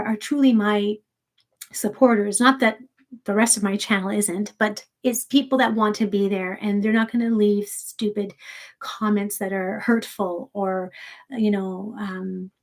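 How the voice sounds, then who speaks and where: A woman hosting a livestream, chatting casually with viewers in a soft, rambling way, grieving and holding back tears. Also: fairly high pitch. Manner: soft-spoken, rambling with many restarts. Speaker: sleep story channel host.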